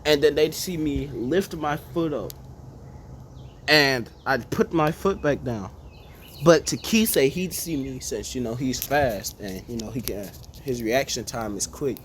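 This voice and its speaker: A man casually spinning a made-up story in a relaxed, slangy way. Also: mid-range voice, unhurried, slight background noise. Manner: relaxed, slangy, laid-back telling.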